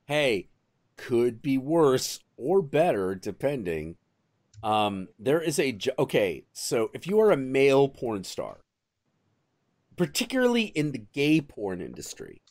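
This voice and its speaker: A man hosting a stream, chatting casually and telling crude, animated stories. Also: medium pitch, unhurried, no room sound. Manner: animated, crude storytelling with bursts of acted quotes. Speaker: stream host. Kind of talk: casual chat.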